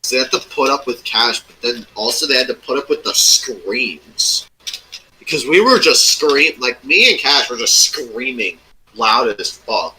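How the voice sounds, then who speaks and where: A man's voice: medium pitch, lively intonation, measured pace, sharp tone, slight background noise, rough recording. A man in casual chat, rambling through an old tabletop game story and swearing often. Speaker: former game master recounting a campaign.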